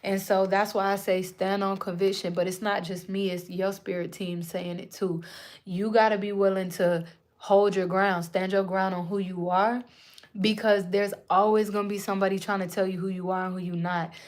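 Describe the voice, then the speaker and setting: A woman's voice: mid-range voice, normal speed. Casual young woman giving a spiritual reading. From Puerto Rican and Native American roots. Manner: casual, slangy, animated address to viewers. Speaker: spiritual reader. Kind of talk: live-streamed channeled message.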